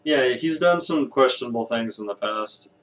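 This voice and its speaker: A man's voice: mid-range voice, animated, normal speed, fairly bright tone. A man hosting a reaction video, ranting bluntly with lots of swearing. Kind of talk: casual reaction commentary.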